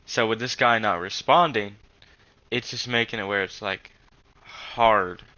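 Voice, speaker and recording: A young man telling a rambling story in casual chat, halting with many fillers and frequent swearing. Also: fairly low pitch, sharp tone, rough recording.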